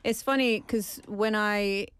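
Woman, smooth animated chat. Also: mid-range voice, slow, no echo. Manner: animated, loves doing accents. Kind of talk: casual chat.

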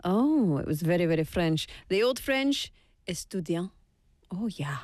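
A woman's voice: fairly low pitch, very animated, normal speed, a little mellow, no room sound. A woman hosting a live radio show, chatty and playful, joking at her own expense, speaking into a studio microphone. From Scotland. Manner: chatty, playful, self-mocking. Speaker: radio host.

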